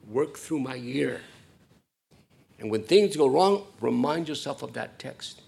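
A middle-aged man preaching a sermon in a church, conversational and warm to the congregation, often repeating words and dropping in short Spanish phrases. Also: mid-range voice, animated, unhurried, creaky, husky. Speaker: pastor.

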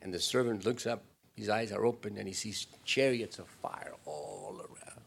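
A man preaching a sermon to his church, swinging between loud emphatic lines and hushed prayerful ones. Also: on the low side, fairly even intonation, moderate pace, creaky, slight background noise. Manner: switches into Spanish for an acted aside. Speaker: pastor.

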